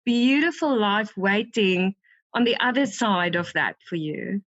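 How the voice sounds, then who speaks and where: A woman, a guest on a podcast, talking emotionally and warmly and often restarting her sentences. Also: mid-range voice, expressive, measured pace, no room sound, highs cut off. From South Africa. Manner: emotional, warm, with many restarts.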